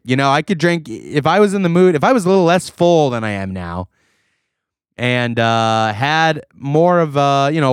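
A man's voice: a little high, clean tone, no room sound. Male podcast co-host, goofy rambler, dry close sound. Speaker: podcast co-host reviewing beer. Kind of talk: casual chat.

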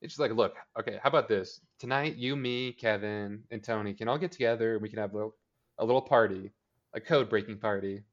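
Chatty man on a lo-fi recording. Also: fairly low pitch. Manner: chatty, sarcastic, acts out characters' lines in quick impressions. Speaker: podcast co-host recapping a TV episode. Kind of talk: casual chat.

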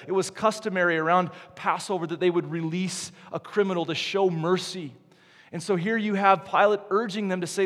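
A man preaching a sermon, animated, swinging between loud emphasis and hushed, slow drops. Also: sits high. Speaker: pastor. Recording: long hall reverb.

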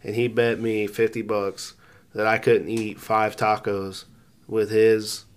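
A man's voice: lowish voice, little pitch movement, takes it slowly, clear, resonant tone. A man co-hosting a casual podcast, telling crude stories and laughing often. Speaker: podcast co-host. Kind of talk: casual chat.

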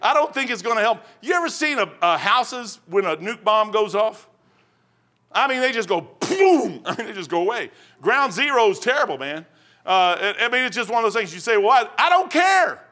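A man's voice: high-pitched, lively intonation, a little fast, bright, forceful tone. A man preaching a sermon as pastor, rambling folksy and telling stories.

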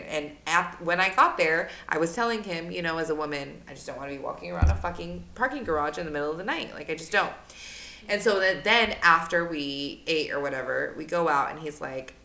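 A young woman in her twenties who co-hosts a podcast, telling a story casually, animated and swearing a lot. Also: low voice, a little fast. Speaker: podcast co-host. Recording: roomy echo.

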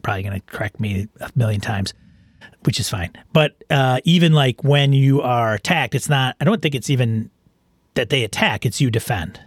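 A man hosting a podcast, talking in a relaxed, rambling way about tabletop games. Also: mid-range voice, dry recording, studio quality. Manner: rambling, relaxed, restarts often. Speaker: podcast host. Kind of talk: casual chat.

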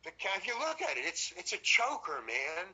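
Bright, husky older man telling a story. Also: high-pitched, fairly quick, low-quality recording. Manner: animated storyteller who swears freely. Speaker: guest. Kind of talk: casual anecdote telling.

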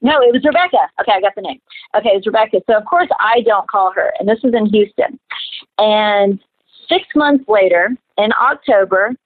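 A woman's voice: mid-range voice, no echo. A woman, an interview guest and minister, earnestly telling her own story and acting out the voices of the people in it. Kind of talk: personal testimony in conversation. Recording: tinny phone-like line, dry.

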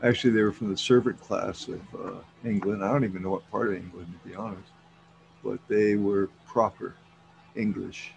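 A man's voice: lowish voice, steady tone, normal speed, gravelly. Brief: casual male host, loose and profane, noisy recording. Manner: rambling, swearing, laughs often. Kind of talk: casual chat. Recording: noisy background.

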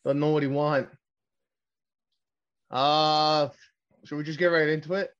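A man from Canada hosting a casual wrestling podcast, talking in a rambling, profane way that keeps getting excitable. His voice sits a little high for a man. The recording sounds dull and lo-fi. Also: unhurried, clean tone. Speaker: podcast host.

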